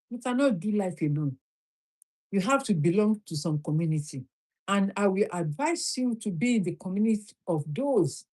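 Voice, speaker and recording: A middle-aged woman with a Nigerian accent speaks into her phone as she hosts a live motivational stream. Her voice is very lively, rising and falling widely, and she repeats her lines and fires questions at the listener. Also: mid-range voice. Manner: preachy, repeats phrases, asks the listener questions.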